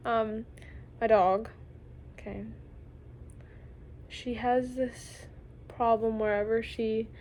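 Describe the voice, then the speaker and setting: A young woman rambles through a confessional vlog, losing her thread and drifting down into whispers. Her voice sits a little high. A faint noise hums behind her. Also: a little mellow. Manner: rambling, trailing off, drops to whispers. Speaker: vlogger.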